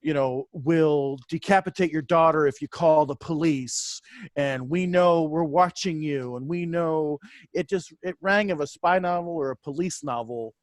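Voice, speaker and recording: A man's voice: on the high side, measured pace, dry recording, clean studio sound. A man co-hosting a true-crime podcast, chatting with wry humor and stumbling over repeated words. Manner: stammering restarts, wry humor. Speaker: podcast co-host. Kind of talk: casual true-crime chat.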